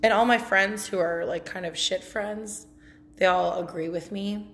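A woman's voice: mid-range voice, fairly even intonation, measured pace, a bit bright. A woman hosting a podcast, telling a story in a blunt, chatty, profane way and laughing often. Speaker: podcast host. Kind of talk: casual storytelling monologue.

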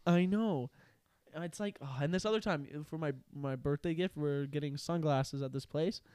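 A young man in casual chat, telling stories and ranting in quick animated bursts. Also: a little high, smooth, dry recording, clean studio sound.

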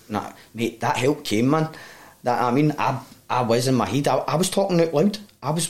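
A man's voice: medium pitch, lively intonation, a little fast, darkish tone. A man with a Glaswegian accent telling his own story as a guest, in a sweary, heartfelt, rambling way. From Glasgow, Scotland. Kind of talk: candid personal storytelling.

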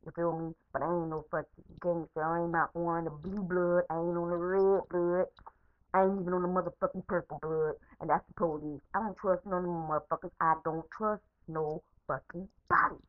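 A woman's voice: lowish voice, fairly even intonation, fairly quick, no echo, narrow, tinny audio. A woman podcaster in an angry, unscripted rant, swearing heavily and repeating herself, recorded as a phone voice message. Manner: profane, repetitive, heated.

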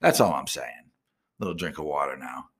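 A man's voice: very deep voice, animated, moderate pace, a little hiss or hum. Profane ranting male radio host. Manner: profane, ranting, swears constantly; bursts into loud indignant outbursts. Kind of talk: rambling on-air rant.

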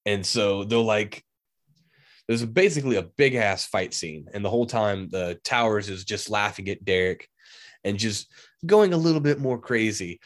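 A man in casual chat, retelling a movie's scenes in an animated way and acting out quick quotes from the characters. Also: fairly low pitch. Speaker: movie discussion co-host.

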